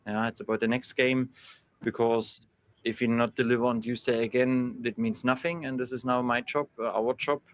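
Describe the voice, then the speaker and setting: Male football manager, post-match presser, halting non-native phrasing. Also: medium pitch, flat delivery.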